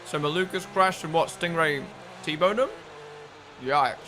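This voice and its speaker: Excitable young-sounding male streamer, bro talk. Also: on the high side, a little slow. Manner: excitable, chatty, calls viewers bro. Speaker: live streamer. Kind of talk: casual live watch-along reactions. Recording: broadcast race audio noise behind. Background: race broadcast audio playing.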